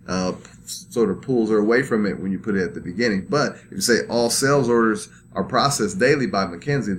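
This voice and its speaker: A man with a fairly low voice walks through slides in a relaxed, chatty lecture, checking in with "right?" and leaning on "uh" between points. A faint hiss sits under the recording. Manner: loose, conversational, many fillers and "right?" checks. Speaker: instructor.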